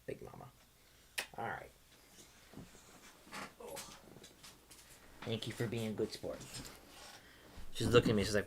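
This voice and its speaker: A man's voice: lowish voice, a little slow, long pauses, slight background noise. A man casually chatting on a home livestream, playful and self-teasing, cooing at his dog. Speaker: livestream host.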